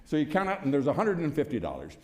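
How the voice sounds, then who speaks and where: Older male speaker, slightly high voice, folksy anecdotal speech style with chuckles, reverberant hall. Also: huge pitch swings, fast. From United States. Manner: storytelling, chuckling, punchy rhetorical questions. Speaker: former congressman giving a speech. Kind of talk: folksy public speech to an audience. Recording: echoey hall.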